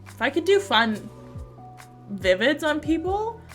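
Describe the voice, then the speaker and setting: A woman's voice: sits high, sing-song, measured pace, a bit bright, faint music behind. A young woman streaming, chatting casually and giggly with her viewers. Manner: giggly, chatty, bursts into shrieking laughter.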